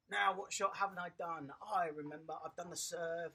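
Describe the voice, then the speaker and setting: Leading a lively online lesson, a tennis coach for toddlers praises each small child by name in an upbeat, encouraging way. The voice is medium-pitched, gravelly and slightly rough, at a moderate pace.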